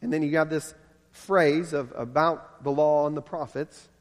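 A man's voice: fairly high pitch, steady tone, measured pace. A man preaching a sermon as pastor, emphatic and repeating key phrases for stress. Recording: long hall reverb.

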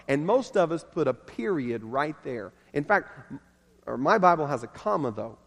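A man preaches to his congregation, leaning hard on repeated phrases to drive each point home. His voice sits a little higher than most men's. The church sanctuary around him rings with a long, lingering reverb. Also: very animated, moderate pace, vocal fry. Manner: emphatic, repeating key phrases for stress. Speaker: pastor. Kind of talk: sermon.

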